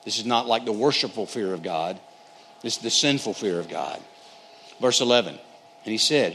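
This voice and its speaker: A man's voice: lowish voice, animated, normal speed, long pauses, fairly bright tone. A man teaching through a Bible passage in an earnest, conversational way, often calling his listeners "guys". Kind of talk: sermon-style Bible teaching. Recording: echoey hall, faint noise.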